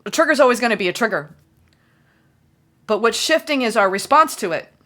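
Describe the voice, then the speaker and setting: A woman giving a solo tarot reading, excitable and gushing, repeating phrases for emphasis. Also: fairly high pitch, a little fast. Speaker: tarot reader.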